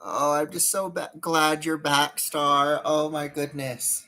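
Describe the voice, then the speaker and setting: A woman's voice: low-pitched, fairly even intonation, slow pace, pushed and bright. A woman chatting casually on a live stream while doing her makeup, rambling and greeting viewers by name.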